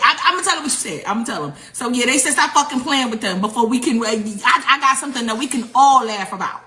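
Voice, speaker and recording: A woman riffs through casual political commentary, mocking and profane. Her voice is high and bright. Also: animated, quick pace, few pauses.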